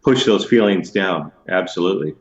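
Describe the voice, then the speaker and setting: A man's voice: deep voice, moderate pace, dull audio. A man co-hosting a sobriety talk, chiming in with short agreeing remarks. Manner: brief agreeing interjections.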